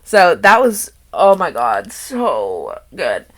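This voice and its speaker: A woman's voice: fairly low pitch, wildly swooping pitch, slow. A young woman hosting and running a tabletop game, chatting casually with a player, rambling and laughing often between thoughts. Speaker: game master and host. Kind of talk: casual chat about a tabletop campaign.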